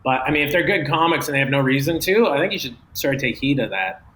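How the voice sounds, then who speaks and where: A Canadian man, a comedian, chatting as a guest in a rambling way, full of fillers and quick laughs. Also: mid-range voice, expressive, sharp tone, a little hiss or hum. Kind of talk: casual interview chat. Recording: echoey room.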